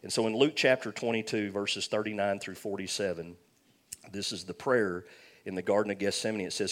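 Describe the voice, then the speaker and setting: A man's voice: fairly low pitch, steady tone, brisk, fairly bright tone. A man preaching a sermon, telling a personal story and calling for amens. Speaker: pastor.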